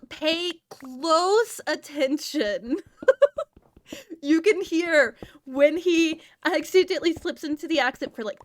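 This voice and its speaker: A woman's voice: fairly high pitch, no room sound. A woman from the American South with a Southern accent, rambling casually to her stream chat and laughing often.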